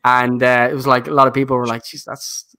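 A man's voice: medium pitch, quick pace, a crowd in the background. Rambling man with a noticeable accent. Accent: non-standard accent, noticed by viewers. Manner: relaxed, rambling, many fillers and restarts. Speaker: guest investor and YouTuber. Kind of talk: casual podcast conversation.

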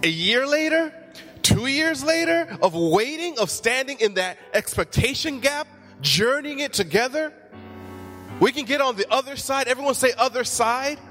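A man's voice: extremely high pitch, lively intonation, moderate pace, bright, forceful tone, faint music behind. A man, a pastor, preaching a sermon in church and telling funny stories with acted-out quotes. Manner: humorous storytelling, acts out quotes.

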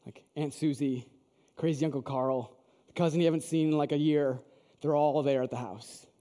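A man's voice: a little high, steady tone, moderate pace, warm tone. A man preaching a sermon, telling a story in a conversational way and asking the audience questions. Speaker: pastor. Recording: long hall reverb.

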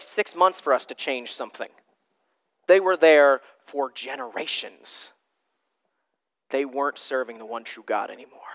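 A man preaching a teaching sermon, talking straight to his listeners, moving from loud stressed words to hushed asides. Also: sits high, clean tone. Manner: conversational, addresses listeners directly. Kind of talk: sermon teaching from note sheet.

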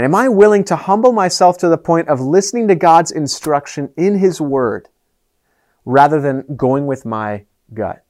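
A man preaching a sermon as pastor, earnest, moving between raised and hushed delivery. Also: a little high, moderate pace.

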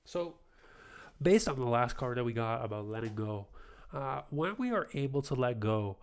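A man's voice: medium pitch, expressive, moderate pace, clean tone. Reflective young man, tarot podcast host. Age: 20s. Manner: reflective, affirming, casual asides. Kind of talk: spiritual podcast talk.

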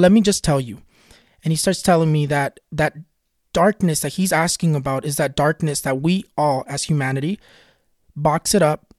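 A man's voice: on the high side, a little mellow, no echo, studio quality. A man and spiritual vlogger recounting a personal experience in an earnest, confiding way. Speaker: spiritual vlogger and tarot reader. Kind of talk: personal storytelling.

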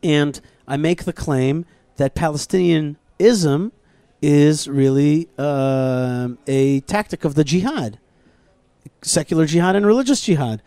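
A man hosting a talk show, telling stories in a casual, animated way with many restarts and quoted dialogue. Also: fairly high pitch, no echo. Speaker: podcast host. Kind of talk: casual storytelling conversation. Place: outdoors at a plaza.

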